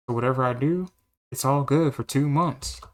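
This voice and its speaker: A man's voice: medium pitch, a little slow, natural voice. A man voicing a lazy carefree cowboy. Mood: easygoing. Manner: laid-back, easygoing. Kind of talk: fan dub of a game.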